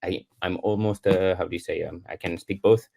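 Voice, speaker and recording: Casting: middle-aged Swiss French man, very low voice, halting second-language English, lots of fillers and restarts, heard over a remote call. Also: fairly even intonation, vocal fry, darkish tone. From Switzerland. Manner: hesitant, many restarts and fillers, searching for English words. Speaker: guest curler. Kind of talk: casual podcast interview. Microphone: remote call connection.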